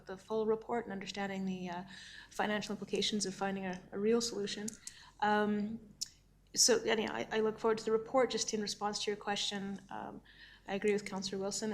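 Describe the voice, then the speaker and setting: A woman councillor speaks in a measured, friendly way at mid pitch. A faint room hum sits behind her. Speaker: town councillor. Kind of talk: council meeting remarks.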